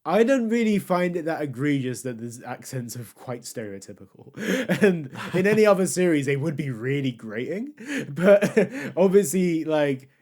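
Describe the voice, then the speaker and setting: A man's voice: on the high side, very animated, normal speed, hardly any pauses, darkish tone. Rambling, chatty young man. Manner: rambling, lots of fillers and restarts, laughs often. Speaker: podcast co-host. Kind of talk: casual chat.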